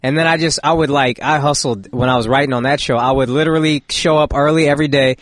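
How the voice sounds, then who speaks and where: Quick, slangy male comedian. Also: on the high side, fairly even intonation, no room sound. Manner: laid-back, slangy storytelling. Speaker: comedian guest. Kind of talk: casual podcast chat.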